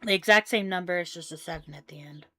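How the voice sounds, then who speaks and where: A woman's voice: fairly low pitch, fast, a bit bright, no room sound. A woman giving chatty, joking commentary while playing a video game. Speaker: gamer. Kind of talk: casual gameplay commentary.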